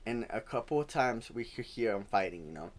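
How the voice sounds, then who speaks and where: A young man co-hosting a podcast who tells a scary story in casual slang and swears freely, getting louder and more excited as it goes on. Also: mid-range voice, brisk. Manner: slangy, profane, grows loud and excited while telling a scary story. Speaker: podcast co-host.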